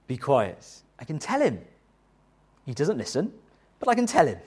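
Lively, animated male preacher. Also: on the high side, moderate pace, husky. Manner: animated, conversational preaching with restarts and rhetorical questions. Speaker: pastor. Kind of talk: sermon.

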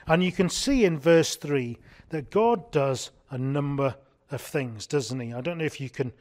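A man's voice: fairly high pitch, lively intonation, a little slow, a little mellow. A man preaching a sermon in an earnest way, often asking his congregation rhetorical questions.

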